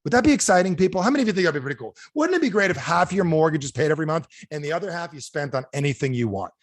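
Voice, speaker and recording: Animated man giving a sales pep talk. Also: a little high, racing, dry recording, clean studio sound. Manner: animated, asks the audience repeated questions. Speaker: motivational speaker. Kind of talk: energetic sales training talk. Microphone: video call.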